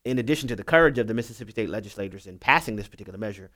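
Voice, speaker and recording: A man's voice: on the low side, expressive, rapid-fire, a bit bright. A man speaking as a legal analyst guest on talk radio, earnest and emphatic in his explaining.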